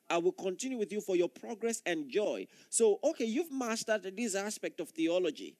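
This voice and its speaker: A man's voice: high voice, a little mellow, no echo. A male pastor preaching a sermon in an earnest, emphatic way, repeating key phrases for weight.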